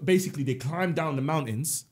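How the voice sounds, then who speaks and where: Husky, higher-voiced podcast host spinning animated comic stories to his mates. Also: a little fast. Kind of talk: casual chat.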